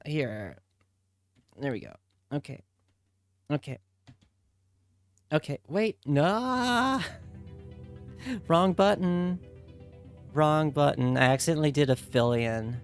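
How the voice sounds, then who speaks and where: A woman's voice: low-pitched, big pitch swings, slow, pauses often, soft background music. A woman streaming games and chatting casually with viewers, playful and teasing, often giggling.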